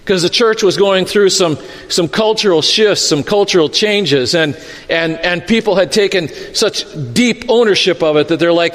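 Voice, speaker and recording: A man with a high, light voice preaches a sermon, acting out quotes and asides as he retells a Bible story. His voice rings out in a big hall with a long reverb tail. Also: a little slow. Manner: expressive storytelling with acted-out quotes. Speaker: pastor.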